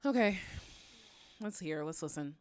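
A woman hosting a reaction video, commenting in a casual, animated way with frequent sighs. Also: deep voice, a little slow. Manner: animated, sighing, ranting.

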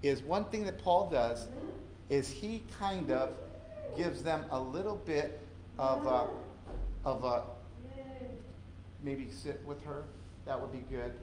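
A man's voice: mid-range voice, takes it slowly, pauses often, a little mellow, a little hiss or hum. Earnest man preaching in an echoey room. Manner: earnest conversational preaching with repetitions. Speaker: pastor. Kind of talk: sermon. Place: church.

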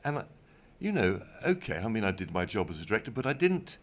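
An older man with an English accent, a former television director telling stories from his career in an interview, unhurried with dry humour. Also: fairly low pitch, sing-song. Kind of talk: anecdotal interview talk. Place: event stage in front of an audience.

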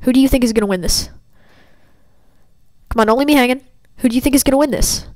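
A woman's voice: high-pitched, fast, warm tone, no room sound, poor audio. Playful trash-talking woman gamer. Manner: playful trash-talk at opponents. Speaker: gameplay commentator. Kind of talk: casual gaming commentary.

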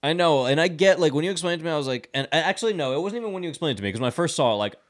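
A man's voice: on the high side, lively intonation, racing. A man hosting a podcast, casually recapping a movie plot in a rambling, profane way, full of fillers. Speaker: podcast host.

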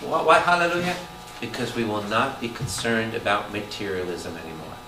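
A man, a priest, preaching a Bible study to a congregation, animated and calling out questions to the room. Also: lowish voice, fairly quick. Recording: roomy hall taped from a distance with noise.

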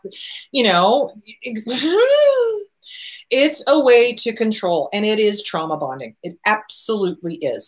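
Woman, middle-aged, advice host, emphatic, repeats key phrases, medium pitch. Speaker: relationship advice host answering viewer questions. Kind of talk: advice talk.

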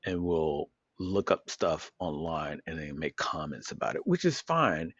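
Low-voiced man musing in casual chat. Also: very animated, measured pace, fairly bright tone, husky, dry recording, lo-fi sound. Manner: rambling, restarts and repeats words while thinking aloud; overanalyzes word meanings. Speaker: podcast co-host.

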